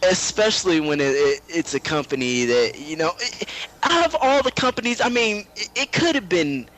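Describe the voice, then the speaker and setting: A man's voice: sits high, animated, normal speed, fairly bright tone, rough recording. A man, a wrestler, answering interview questions in a rueful, joking way. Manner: rueful and joking, laughs at his bad luck. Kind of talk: shoot interview.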